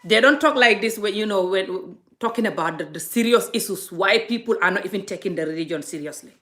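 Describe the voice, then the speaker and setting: A woman's voice: mid-range voice, expressive, fairly quick, a bit bright. A middle-aged woman from Gambia vlogging in an earnest, impassioned monologue, often restarting and repeating herself. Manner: earnest, frequent restarts and repetition.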